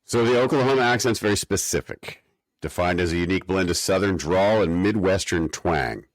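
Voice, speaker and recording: A man's voice: sits low, fairly quick, no room sound. A man co-hosting a podcast, recapping an episode in casual chat with wry, mock-academic rants. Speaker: podcast co-host.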